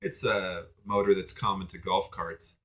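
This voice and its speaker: A man's voice: low voice, flat delivery, measured pace, fairly bright tone. A young man venting in a casual video rant, exasperated and sarcastic, rambling with lots of ums and likes. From United States. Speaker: vlogger.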